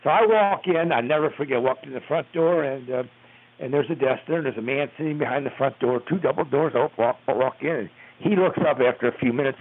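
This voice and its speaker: Older man, retired umpire, rambling animated storytelling, husky voice, tinny phone line. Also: medium pitch, fast. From United States. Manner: rambling, animated retelling with restarts. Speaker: retired baseball umpire, interview guest. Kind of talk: storytelling in an interview.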